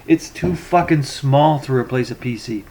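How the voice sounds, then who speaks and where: Speaking at a moderate pace in a mellow, mid-range voice, a male tech vlogger vents about bad tech support. He reads forum posts out loud with sarcastic, fed-up remarks and frequent stammered repeats.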